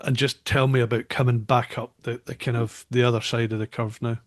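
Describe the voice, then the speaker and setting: A man's voice: mid-range voice, little pitch movement, brisk. A man hosting an interview, asking searching, stumbling questions. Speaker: interviewer host.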